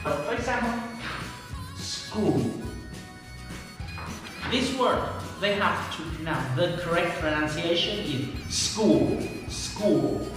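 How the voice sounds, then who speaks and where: Slow Vietnamese-accented man teaching English in an echoey hall. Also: a little high, animated, distant mic, over music. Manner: slow, careful, repeats words for drills. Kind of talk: pronunciation lesson talk.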